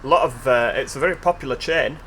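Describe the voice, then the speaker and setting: A man's voice: medium pitch, fast talker, fairly bright tone, slight background noise. Chatty man commentating a game. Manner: chatty, joking asides addressed to viewers. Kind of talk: casual gameplay commentary.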